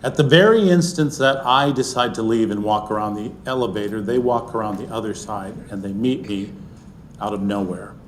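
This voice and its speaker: A middle-aged man telling a personal story to an audience, earnest, and often sinking into a soft, hushed voice. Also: lowish voice, moderate pace, a little hiss or hum. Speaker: speaker sharing a personal story.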